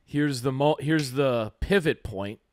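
A man's voice: mid-range voice, slow, dry recording, studio quality. A man co-hosting a comedy podcast, telling a rambling story full of fillers and acting out the lines he quotes.

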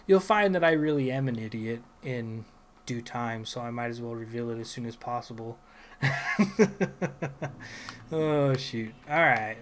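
Muttering through rambling asides and then shouting curses at enemies, a gameplay video host delivers casual let's play commentary on his own playthrough. His voice is mid-range, and a little hiss or hum runs underneath.

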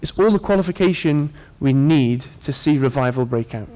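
A man preaching a sermon to his congregation, earnest and warm in tone, with playful asides to the people in front of him. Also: medium pitch, lively intonation, normal speed.

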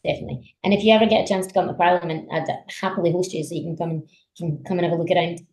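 A woman with a notably low voice, chatting as a podcast guest. She tells her stories with animation and plenty of ums and restarts. The talk stays relaxed and conversational. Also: rapid-fire, low-quality recording. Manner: animated storyteller, many fillers. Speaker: politician guest. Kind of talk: casual conversation.

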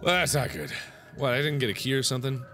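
A man hosting a let's play of a horror game, excitable, swearing, yelling and mock-taunting. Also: mid-range voice, quick pace, slight background noise. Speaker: gaming video host. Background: game music.

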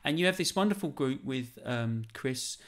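A man's voice: mid-range voice, lively intonation, moderate pace, a bit bright. A man hosting a casual live-streamed interview, chatty and full of fillers, often addressing his viewers. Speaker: host.

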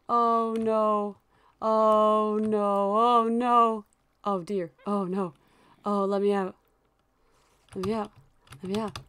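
A young woman giving casual, chatty commentary while she plays a video game, often breaking into excited squeals and laughter. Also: mid-range voice. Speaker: gaming YouTuber.

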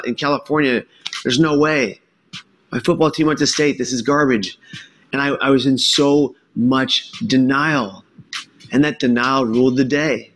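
A man giving an earnest, emphatic personal testimony talk, with dramatic pauses. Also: medium pitch, a bit bright, slight background noise. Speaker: speaker sharing his story.

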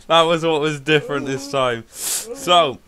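A man's voice: fairly high pitch, unhurried, bright, forceful tone. A man hosting a gaming show in casual chat, easygoing and muttering to himself while looking for clips.

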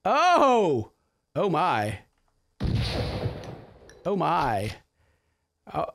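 A young man giving goofy let's-play commentary, yelling and joking at the game. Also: fairly high pitch, huge pitch swings, drawn-out words, gravelly, slight background noise. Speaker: gaming commentator.

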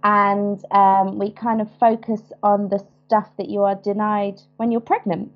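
A woman's voice: medium pitch, flat delivery, measured pace. Chatty southern English woman, slightly muffled. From England. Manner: chatty, hesitant with many ums. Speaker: guest, business founder. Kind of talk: casual interview.

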